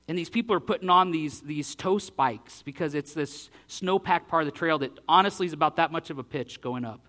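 Animated preacher man, bright and lively. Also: fairly high pitch. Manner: animated, self-deprecating, acts out his own breathless lines. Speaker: pastor. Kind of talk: sermon storytelling.

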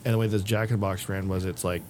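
A man's voice: deep voice, fairly even intonation, quick pace, a little mellow, slight background noise. A man on a podcast, chatting casually and telling rambling stories, acting out what people said. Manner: rambling storyteller, acts out quotes. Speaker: podcast co-host. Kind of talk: casual chat.

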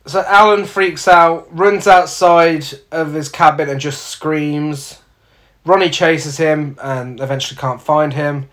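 A man's voice: on the high side, fairly even intonation, takes it slowly, fairly bright tone. A man, casually recapping a film's plot with sweary, sardonic asides. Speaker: podcast co-host. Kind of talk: casual film review chat.

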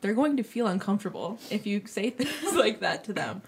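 Young woman, podcast guest, offhand joking chat, gravelly fry, animated pitch. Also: brisk, slight background noise. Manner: offhand, joking, chuckles mid-sentence.

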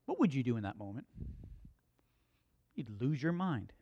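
A man preaching a sermon, telling stories in an animated, conversational and humorous way. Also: medium pitch, normal speed, lo-fi sound. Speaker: pastor. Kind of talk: storytelling sermon.

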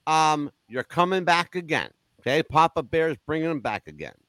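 A man's voice: a little high, very animated, normal speed, fairly bright tone, no room sound. A man hosting a podcast, reeling off plugs in a joking way with crude asides. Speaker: podcast host. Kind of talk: casual podcast chat.

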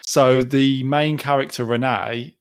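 A man co-hosting a casual podcast, with an ordinary mid-pitched voice. He explains things in an easygoing way and pauses on frequent ums as he talks. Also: clean tone. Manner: relaxed, explaining with many ums. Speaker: podcast co-host. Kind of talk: casual chat about a sitcom episode.

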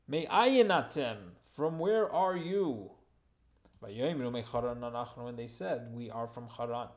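A man giving a verse-by-verse Torah lesson, reading Hebrew phrases and translating them with informal asides and light humor. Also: medium pitch. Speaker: Torah teacher.

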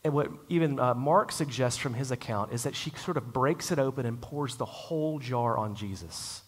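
A man preaching a sermon in a conversational, storytelling way, slowing down to stress key lines. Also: medium pitch, husky. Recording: long hall reverb.

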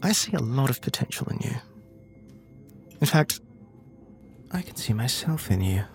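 A man voicing an elderly female crime matriarch who speaks quietly and condescendingly in a tabletop game. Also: medium pitch, very animated, normal speed, vocal fry, soft background music. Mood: cold menace.

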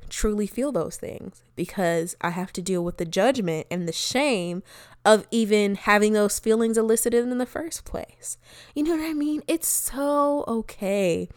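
A young woman hosts a podcast in a loose, personal chat, swearing freely and drifting into reflective asides. Her voice is smooth and clear, of medium pitch. The sound is dry and close, with no room around it. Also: no echo. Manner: candid, profane, laughs often, drawn-out reflective asides. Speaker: podcast host.

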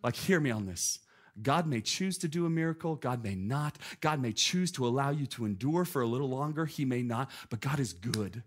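A man in his thirties preaching a sermon, telling a story with animated, emphatic delivery and repeated phrases. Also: mid-range voice, moderate pace. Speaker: pastor.

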